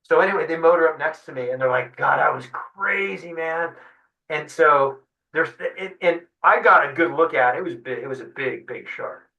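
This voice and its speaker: Man, fishing guide, animated storyteller, slightly high bright voice, distant mic in an echoey room. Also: moderate pace, vocal fry. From San Diego. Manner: animated storyteller acting out quotes. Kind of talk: storytelling in a webinar interview.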